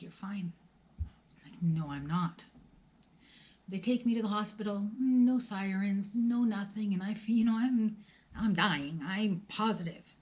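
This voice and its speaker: A woman's voice: medium pitch, dark tone. Woman in her forties telling a personal story. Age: 40s. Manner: conversational, emotional, acts out dialogue, drops to whispers. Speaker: vlogger.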